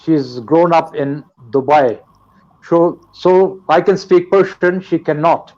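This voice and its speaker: Slow-speaking older man giving a lesson. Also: a little high, fairly even intonation, a little mellow, dull audio. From Pakistan. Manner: slow, deliberate, lecturing. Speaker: guest teacher. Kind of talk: live online English lesson.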